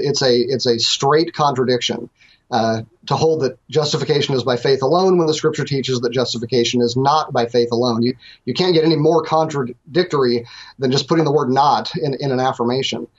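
Man, guest theologian, thoughtful halting explanations, slightly husky, muffled sound. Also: medium pitch. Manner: thoughtful, hesitant, many ums and restarts. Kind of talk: explaining on a call-in show.

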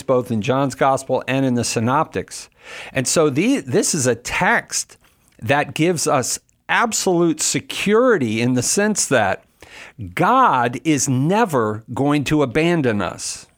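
A middle-aged man answering callers' questions on a call-in show, explaining scripture with emphatic asides. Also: mid-range voice. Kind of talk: call-in radio talk.

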